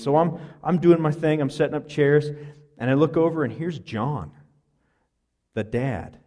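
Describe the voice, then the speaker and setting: A man's voice: on the high side, a little slow, mellow. A man preaching a sermon, telling a personal story in an earnest, conversational way with fillers and restarts. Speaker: pastor.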